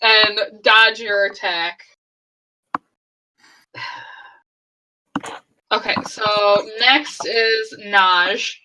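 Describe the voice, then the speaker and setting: A woman running a tabletop one-shot as game master over an online voice call, unhurried and thinking aloud with small laughs. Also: medium pitch, fairly even intonation, sharp tone, low-quality recording. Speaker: dungeon master.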